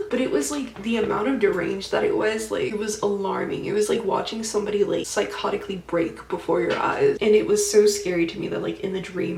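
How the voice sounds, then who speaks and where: Chatty young woman, gravelly voice, echoey room. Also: mid-range voice, a little mellow, recorded from a distance, a little hiss or hum. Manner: chatty, heavy use of "like", slangy. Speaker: beauty vlogger. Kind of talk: casual chat while doing makeup. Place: indoors at home, getting ready. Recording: echoey room, voice somewhat off-mic.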